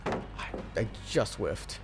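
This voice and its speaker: A man's voice: slow pace, music in the background. A man streaming a live game, talking to himself and to the other players in a stop-start, chatty way. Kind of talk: live gameplay commentary.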